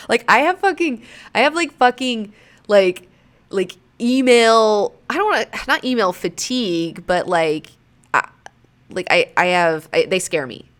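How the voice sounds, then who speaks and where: A woman in her thirties hosting a show, chatting casually in a rambling, profane way, now and then slipping into mocking high-pitched quotes. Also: fairly bright tone, clear, resonant tone. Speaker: show host. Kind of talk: casual chat.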